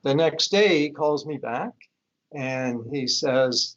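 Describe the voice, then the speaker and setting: A calm older man answers questions on a live stream, explaining step by step and leaning on stories from his cases. His voice sits a little high for a man. The stream audio is dull and lo-fi. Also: unhurried. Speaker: guest expert on high-conflict divorce.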